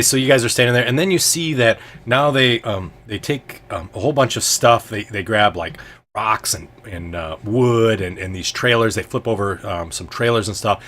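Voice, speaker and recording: A man's voice: on the low side, a bit bright, a little hiss or hum. A man narrating a tabletop game as game master, in a loose, hesitant way full of ums and filler words.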